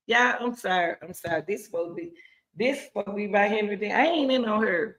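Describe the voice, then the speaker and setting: A woman hosting casual reaction commentary, excitable and chatty, repeating herself often. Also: medium pitch, fast talker. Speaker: commentary host.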